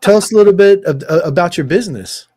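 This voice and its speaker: A middle-aged man from Virginia with a Virginian accent, hosting a casual podcast interview and telling stories with lively energy. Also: high-pitched, fast. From Roanoke, Virginia. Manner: animated storyteller who acts out voices. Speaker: podcast host.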